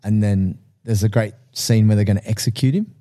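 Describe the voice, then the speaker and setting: A man in loose, animated conversation about films, his voice warm and mellow rather than bright. He swears freely and jumps into acted-out movie lines with excitement. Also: lowish voice, brisk. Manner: animated, swearing, acts out film quotes. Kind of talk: casual movie chat.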